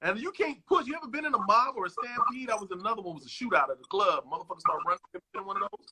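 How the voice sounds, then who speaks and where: A man guest in a casual interview, telling stories in a profane, animated way and acting out what others said, over a phone video call. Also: high-pitched, rapid-fire, husky. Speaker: actor guest.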